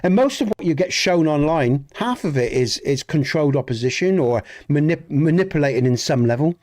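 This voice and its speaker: Chatting with his viewers mid-game, this Dorset-accented Englishman talks earnestly and in a rambling way, frequently restarting and cursing a little. He sounds slightly high and a touch mellow, animated, at a moderate speed.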